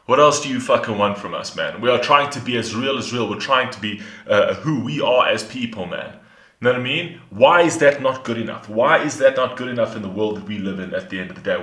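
Young guy reacting to a rap track, keeps saying man and bro, sharp bright voice, echoey room. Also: mid-range voice. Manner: animated, swears often, repeats himself, says "man" and "bro" a lot. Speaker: reaction video host. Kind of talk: casual reaction commentary. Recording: roomy echo. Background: faint rap track.

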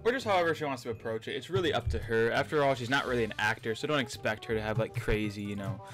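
A young man, chatty and upbeat, talks straight to his viewers as a gaming video host. His pitch sits in a middling range, and faint music plays behind him. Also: pushed and bright. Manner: upbeat, chatty, quick direct address to viewers. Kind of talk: casual gaming vlog commentary.

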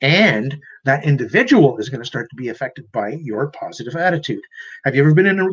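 A man's voice: mid-range voice, breathy edge, highs cut off. A man working as a life coach, giving an earnest motivational talk and often repeating and restarting his words.

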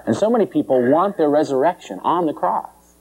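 Animated preacher man with a mellow voice. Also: fairly quick, breathy edge, poor audio. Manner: animated, jumps into high mocking voices for complainers; chuckles often between points. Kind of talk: informal sermon with humor.

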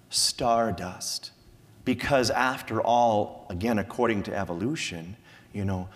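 A middle-aged man preaching a sermon as pastor, lively with many repeated words and fillers. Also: on the low side. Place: church sanctuary. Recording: long church reverb.

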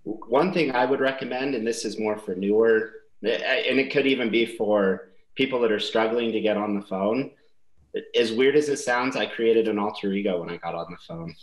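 Motivational man, deep voice, echoey room. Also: fairly even intonation, normal speed, few pauses. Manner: earnest, motivational. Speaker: sales prospecting guest. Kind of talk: casual webinar chat.

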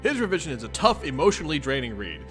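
A man's voice: on the high side, racing, over music. A man casually reading a webcomic aloud to his viewers, laughing often and chatting with them between lines. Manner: giggly, excitable, talks to chat. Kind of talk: casual read-along commentary.

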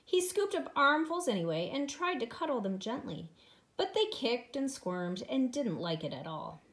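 A woman, a preschool teacher, reading a picture book aloud to young children in an expressive, sing-song way. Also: a little high, moderate pace.

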